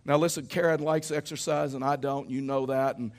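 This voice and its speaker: A middle-aged pastor preaches a sermon in a church, telling stories conversationally and tossing rhetorical questions to the congregation. His medium-pitched voice has fairly even intonation and a slightly fast pace.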